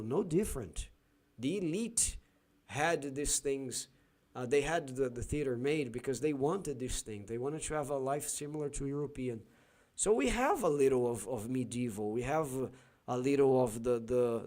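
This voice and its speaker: A man's voice: medium pitch, darkish tone. A Brazilian man with a Brazilian Portuguese accent, a Portuguese teacher hosting a casual live stream and thinking aloud with many fillers and restarts.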